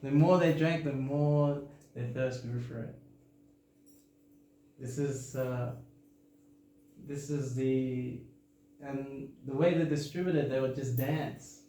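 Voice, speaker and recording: A man from Australia with an Australian accent softened toward American, giving an informal, joking sermon to a temple audience and laughing often. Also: medium pitch, fairly even intonation, takes it slowly, pauses often. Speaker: temple speaker giving a scripture class. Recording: very echoey hall, faint background hum.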